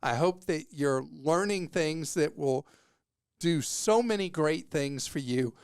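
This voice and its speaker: A man's voice: on the high side, animated, slow pace, darkish tone, clean tone. A man hosting a consumer money radio show, talking in a casual, self-mocking, joking way into a studio microphone.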